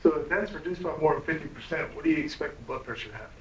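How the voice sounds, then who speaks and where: A man lectures a class in an easygoing, conversational way, often pausing to ask "right?". His voice sits a little high and carries through a roomy, echoing classroom. It is picked up from some distance on a muffled recording. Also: lively intonation. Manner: conversational, keeps checking in with "right?". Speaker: instructor.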